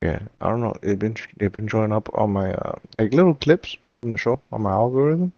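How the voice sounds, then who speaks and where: A man's voice: lowish voice, animated, fairly quick, a little mellow, dry recording. Rambling young man, dull dry sound. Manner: rambling, slangy, laughs through his stories. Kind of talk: casual chat.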